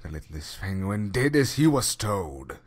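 A man voicing a grave, elderly-sounding documentary-style narrator for a game, speaking in a slow, measured, hushed way. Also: fairly low pitch, very animated, husky, exaggerated voice. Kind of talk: scripted storybook narration. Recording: game audio over loud music.

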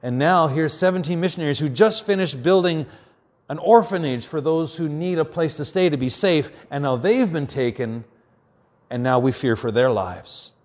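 Earnest man preaching a sermon. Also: fairly high pitch. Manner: earnest, dropping quiet and slow for emphasis. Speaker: pastor.

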